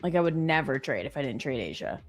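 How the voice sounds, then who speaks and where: A young woman chatting casually on a trading stream, her voice sitting a little low. She rambles in a jokey way and peppers her sentences with "like". Faint music plays in the background. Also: lively intonation, quick pace. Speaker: trader co-host on a live stream. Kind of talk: casual chat.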